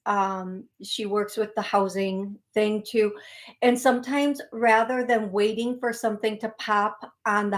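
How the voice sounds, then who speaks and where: Slow-talking woman psychic hosting live. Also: mid-range voice. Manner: rambling, self-correcting, folksy and reassuring. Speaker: psychic medium hosting a live call-in show. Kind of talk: live call-in reading, chatty address to viewers.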